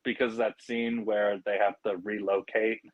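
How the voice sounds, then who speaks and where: A man's voice: fairly low pitch, level tone, normal speed, low-quality recording. A man co-hosting a podcast in casual chat, laughing often and quoting cartoon lines as he goes. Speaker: podcast co-host.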